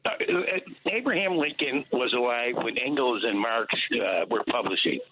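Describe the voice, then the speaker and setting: A man's voice: mid-range voice, moderate pace. A man calling in to a radio show, talking emphatically and asking rhetorical questions. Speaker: caller. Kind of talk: call-in radio talk. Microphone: telephone. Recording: tinny phone line with faint hiss.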